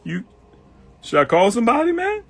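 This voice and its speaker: A man voicing a bewildered, pushy male buddy in a high, strained, joking tone. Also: wildly swooping pitch, moderate pace, vocal fry, breathy edge, heavily acted. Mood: baffled.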